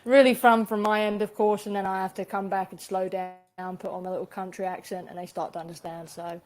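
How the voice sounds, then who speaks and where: English lady w/ north london accent, quick and jokey, laughs a lot. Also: mid-range voice, little pitch movement, a little mellow, faint music behind. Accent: English, North London area. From England. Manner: laughing, self-deprecating, quick. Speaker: guest, police dog decoy instructor. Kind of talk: casual podcast chat.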